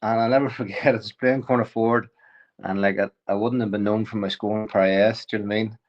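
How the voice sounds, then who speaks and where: A man, a podcast guest telling a lively story, often chuckling and restarting sentences. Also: lowish voice, quick pace, lo-fi sound. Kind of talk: casual storytelling.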